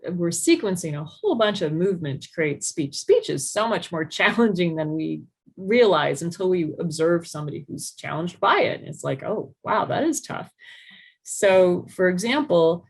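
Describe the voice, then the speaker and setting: A woman speech-language pathologist explaining to parents in a lively way, acting out speech sounds as she goes. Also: fairly low pitch, moderate pace, gravelly, husky. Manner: animated, demonstrates speech sounds.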